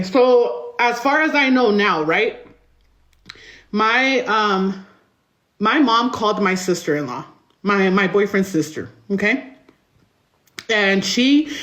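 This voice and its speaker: A woman's voice: mid-range voice, fairly bright tone, poor audio. A woman telling her own hard story as an interview guest, emotional and rambling, swearing often. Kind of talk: raw personal storytelling.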